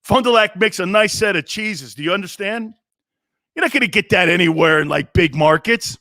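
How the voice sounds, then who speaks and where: Middle-aged guy ranting on a sports show, high sharp voice, sarcastic and loud about it. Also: normal speed, no room sound, clean studio sound. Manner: animated ranting, sarcastic, mocking mimicry. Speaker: sports talk show host. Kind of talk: opinionated sports commentary.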